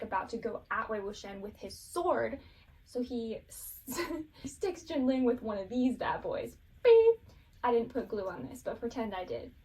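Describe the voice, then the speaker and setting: A woman's voice: on the high side, a little mellow, far from the mic. A woman casually recapping a show, rambling and giggling, with lots of fillers.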